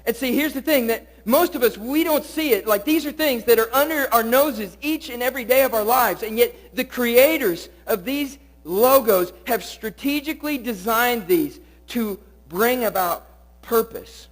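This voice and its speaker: Man preaching a high-voiced youth sermon. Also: moderate pace. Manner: preaching with rising, pleading peaks and hushed drops. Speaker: youth pastor. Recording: poor sound quality.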